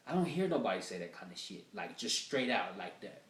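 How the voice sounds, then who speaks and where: A man works through a rough draft of stand-up material, swearing freely and rambling through his stories with plenty of filler words. He sounds set back from the mic, and the room around him is echoey. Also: lowish voice, sing-song, fairly quick, a bit bright, recorded from a distance. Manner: profane, rambling storytelling with many fillers. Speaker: stand-up comedian.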